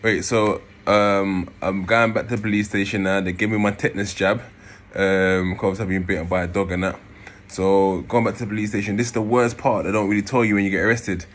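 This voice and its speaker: A man, casually telling his own story in an animated way, swearing and acting out scenes. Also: lowish voice, fairly quick, a little hiss or hum. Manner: animated, swearing, acts out scenes in raised voices.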